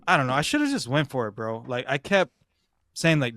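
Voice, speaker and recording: A man's voice: medium pitch, lively intonation, a little fast, fairly bright tone, dry recording. Slangy young man telling a story. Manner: slangy, swears a lot, says "bro" often. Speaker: podcast host. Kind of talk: casual storytelling.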